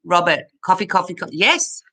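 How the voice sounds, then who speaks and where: A woman's voice: lowish voice, big pitch swings, moderate pace, pushed and bright, rough recording. A woman hosting a casual live chat from home on her computer, reading viewers' comments aloud and thanking them, chatty and at times emotional. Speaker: livestream host reading chat.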